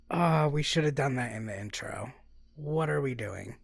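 A woman's voice: extremely low pitch, creaky, no room sound. A woman co-hosting a podcast in casual chat, laughing often and rambling with many fillers as she reads out a plot summary. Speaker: podcast co-host.

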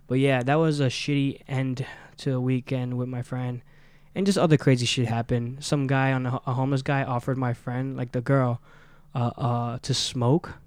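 Smooth-voiced man telling wild stories. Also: mid-range voice, no room sound. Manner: profane storytelling, acts out quotes loudly. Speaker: podcast co-host. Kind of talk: casual podcast chat. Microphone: studio mic in apartment.

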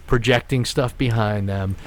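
A man in his forties telling a long story in casual podcast chat, with restarts and animated asides. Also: on the low side, unhurried. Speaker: podcast host.

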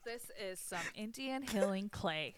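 A woman's voice: medium pitch, animated, a little slow. A young woman hosting a podcast, talking candidly and rambling, laughing often. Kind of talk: casual chat.

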